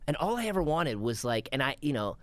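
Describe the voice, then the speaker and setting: This man speaks fast in a mid-range voice, recorded with no room sound. Chatting casually as a podcast guest, he's an animated storyteller who acts out old scenes and laughs along the way.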